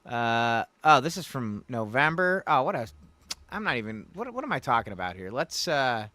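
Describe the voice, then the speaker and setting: A man's voice: mid-range voice, big pitch swings, normal speed, sharp tone, dry recording. A man hosting a casual livestream, rambling and folksy as he talks to viewers in the chat. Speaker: livestream host. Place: Louisiana.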